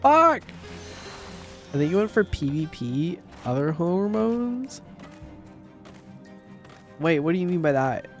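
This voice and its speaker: A man in his thirties chatting casually on a game livestream, rambling and swearing, with sudden loud outbursts. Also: a little high, animated, faint music behind. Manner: profane, rambling, quick bursts of shouting. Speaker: streamer. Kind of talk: casual livestream chat while gaming.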